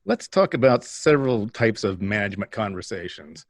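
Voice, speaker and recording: A man hosting a management podcast, asking questions in a measured way. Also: fairly low pitch, lively intonation, no echo, studio quality. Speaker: podcast host. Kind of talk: podcast interview.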